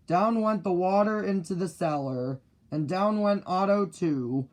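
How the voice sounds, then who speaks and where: Slow, deliberate storybook reader, male. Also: high voice, slight background noise. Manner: slow, deliberate, clearly paced reading. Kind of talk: reading a children's book aloud.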